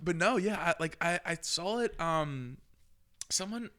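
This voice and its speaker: Bright-voiced young man, rambling chat. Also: fairly high pitch, expressive, a little slow. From Pennsylvania. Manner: rambling, filler-heavy and laughing. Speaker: podcast host. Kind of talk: casual chat.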